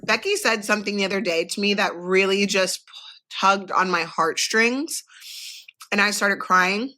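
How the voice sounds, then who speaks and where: A woman's voice: mid-range voice, a little slow, pushed and bright, faint music behind. A woman co-hosting a podcast in casual chat, candid and chatty, swearing freely. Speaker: podcast co-host.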